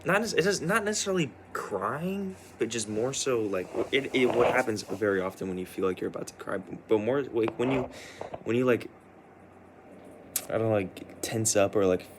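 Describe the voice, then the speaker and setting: A man's voice: on the low side, steady tone, normal speed, gravelly, noisy background. A tired young man who stayed up all night, rambling in a personal vlog with many restarts and fillers. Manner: hesitant, full of restarts and "like". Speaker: vlogger.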